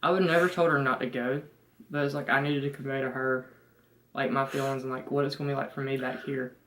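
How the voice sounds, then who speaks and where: A young man with a thick Southern country accent speaks earnestly and rambles. His delivery stays flat, with little rise or fall in pitch. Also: quick pace, slight background noise, low-quality recording. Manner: rambling, heavy fillers, earnest. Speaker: fiancé, guest. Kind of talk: casual chat.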